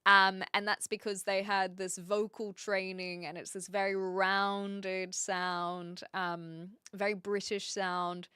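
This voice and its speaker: A woman with a New Zealand accent chatting casually with viewers on a live stream, thinking aloud and often pausing to hunt for the right word. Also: mid-range voice, level tone, pushed and bright, clean tone, no room sound, clean studio sound.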